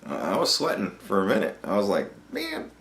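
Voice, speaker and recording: A man's voice: low voice, very animated, fast talker, a bit bright, reverberant. A man hosting a podcast, telling a profane story in a casual, ranting monologue. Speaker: podcast host.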